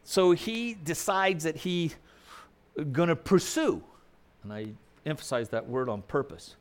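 Man, preacher, sermon, conversational, asks questions, fairly high voice, animated. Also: moderate pace, smooth.

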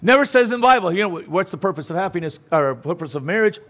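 Emphatic preaching man, fairly high voice. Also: lively intonation, quick pace, few pauses, a bit bright. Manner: emphatic, conversational preaching with rhetorical questions. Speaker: pastor. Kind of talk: sermon.

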